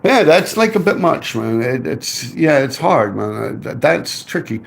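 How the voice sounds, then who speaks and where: A man telling city stories on a live stream in an animated, profane, slangy way, often tagging "man" onto his lines. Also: mid-range voice, unhurried, vocal fry. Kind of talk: casual live-stream storytelling.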